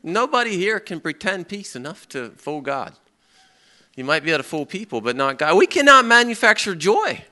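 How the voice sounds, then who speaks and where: His voice sits high and moves at a moderate pace as the middle-aged man preaches. Animated throughout, he plays out people's outbursts and prayers as if voicing them himself.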